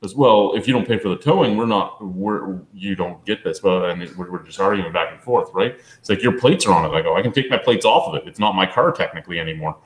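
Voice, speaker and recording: A man telling a profane, animated story among friends on a beer review show. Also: sits low, fast, few pauses, roomy sound, low-quality recording. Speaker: beer review podcast regular.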